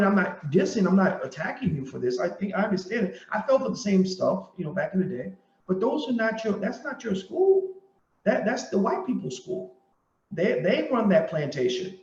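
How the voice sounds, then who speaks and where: High-voiced emphatic man, roomy lo-fi sound. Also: darkish tone. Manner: emphatic, repeats points, tells stories with quoted dialogue. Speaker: host and commentator. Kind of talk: impassioned commentary monologue.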